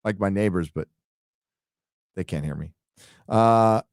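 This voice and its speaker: A middle-aged man hosting a casual late-night livestream, rambling, swearing and excitedly reading viewer donations aloud. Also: deep voice, unhurried, no echo, clean studio sound. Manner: rambling, profane, excitable, reads donor messages aloud. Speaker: livestream host reading super chats.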